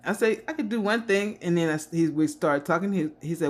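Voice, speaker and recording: A woman in her fifties telling a casual story to camera, chatty and quick to laugh. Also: medium pitch. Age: 50s. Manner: chatty, laughs often, quotes others in animated voices. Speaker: vlogger.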